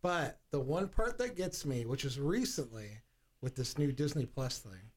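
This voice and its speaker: A man's voice: mid-range voice, moderate pace. A man co-hosting a podcast, chatting casually and animatedly, swearing often and acting out lines as he retells a story. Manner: animated, profane storytelling, acts out movie lines. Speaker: podcast co-host. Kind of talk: casual chat.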